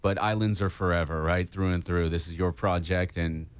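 Chatty deep-voiced radio host. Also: male voice, fairly even intonation, moderate pace, clean tone. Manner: chatty, enthusiastic, lots of fillers. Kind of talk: casual radio interview.

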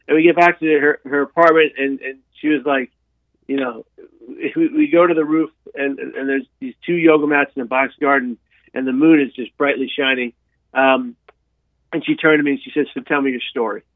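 A man's voice: medium pitch, moderate pace, dry recording. Tinny-sounding man telling a story. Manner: animated storyteller, frequent restarts and repetitions. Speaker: guest sharing his life story. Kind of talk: storytelling in an interview. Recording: dry tinny phone-like sound.

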